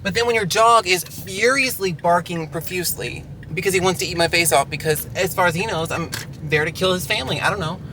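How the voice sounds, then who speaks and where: A man ranting casually in an animated, exasperated way while working as a delivery driver. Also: high voice, a little fast, background noise.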